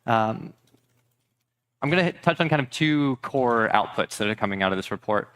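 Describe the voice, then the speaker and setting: A man giving a measured, informative research talk on a conference stage. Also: medium pitch, expressive, fairly bright tone, clear, resonant tone. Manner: measured, informative, slightly formal. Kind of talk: conference presentation.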